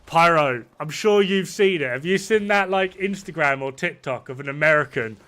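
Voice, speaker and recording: A man's voice: on the high side, normal speed, bright, forceful tone. A man streaming a game, chatting casually and rambling, swearing freely as he plays. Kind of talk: casual chat while gaming.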